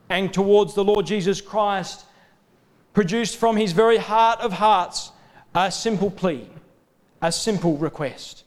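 A man preaching a sermon in a steady, rhythmic cadence, building lists of parallel phrases. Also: sits high.

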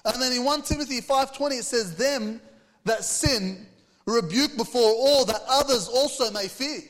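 A man's voice: extremely high pitch, normal speed, a bit bright, long reverb tail. A man preaching a sermon, reading scripture aloud and putting earnest rhetorical questions to the congregation. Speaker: pastor.

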